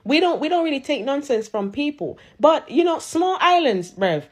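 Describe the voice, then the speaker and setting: A woman's voice: high voice, sing-song, moderate pace. A woman ranting on social media, sassy, mocking and sarcastic. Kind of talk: roasting rant.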